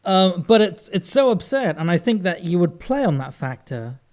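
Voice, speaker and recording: A man co-hosting a casual comedy podcast, rambling and hesitant as he overthinks his guesses out loud. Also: high voice, big pitch swings, moderate pace. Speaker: podcast co-host, guessing player. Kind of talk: casual banter.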